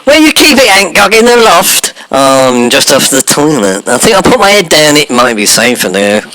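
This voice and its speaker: A man's voice: a little high, big pitch swings, moderate pace, pushed and bright, dry recording, poor audio. A man playing a camp, fussy comic actor in a sketch, drawling with arch asides.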